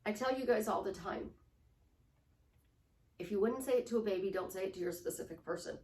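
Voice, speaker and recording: A woman's voice: medium pitch, brisk, darkish tone, echoey room, distant mic. A woman life coach giving a motivational talk, emphatic and repetitive, sometimes sinking to a whisper to show a point.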